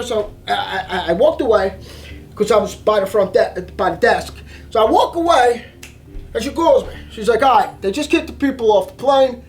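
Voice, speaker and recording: A man telling a story in an excitable way, acting out voices and reactions. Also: extremely high pitch, normal speed, slight background noise. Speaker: vlogger telling a travel story. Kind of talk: animated storytelling monologue.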